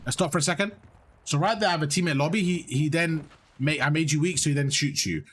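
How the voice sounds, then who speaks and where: A young man giving blunt, animated coaching on gameplay, swearing freely as he explains. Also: on the high side, fast, breathy edge. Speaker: gaming coach. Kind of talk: casual coaching over gameplay.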